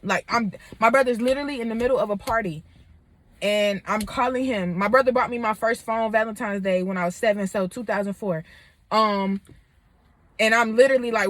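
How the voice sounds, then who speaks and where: Woman with a higher voice, candid storytelling. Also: a little fast, dry recording. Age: 20s. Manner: candid and animated, lots of fillers. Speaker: vlogger. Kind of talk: personal storytelling.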